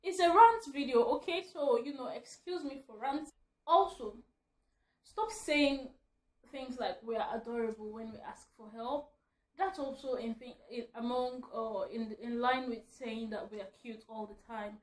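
A woman vlogger ranting at home, animated and laughing often as she talks. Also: a little high, a little slow, roomy sound. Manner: animated, laughing mid-rant. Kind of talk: ranting vlog.

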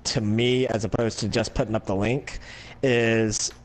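A man's voice: lowish voice, steady tone, a little slow. A man hosting a livestream in casual chat, explaining things in a rambling, self-correcting way. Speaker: livestream host.

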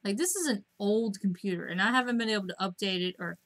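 A woman streaming a game at home, chatting to herself in a rambling, casual way and breaking into excited squeals at the animals. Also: fast talker, few pauses. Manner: rambling, self-talking, bursts of high squeals at animals.

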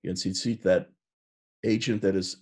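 A man in his sixties, a rabbi, giving a sermon and telling stories in an unhurried way, with Hebrew terms mixed in. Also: low-pitched, fairly even intonation, darkish tone, slightly rough.

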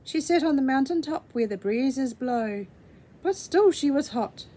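Husky woman reading a storybook. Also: high voice, lively intonation, a little slow, mellow. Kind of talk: reading a children's storybook aloud.

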